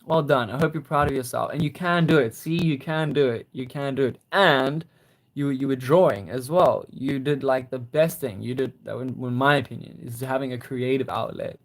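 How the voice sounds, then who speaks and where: Gravelly-voiced young man chatting with viewers. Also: mid-range voice, normal speed. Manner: gentle, encouraging, praising viewers. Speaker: livestream host. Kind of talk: casual live chat reading viewer comments.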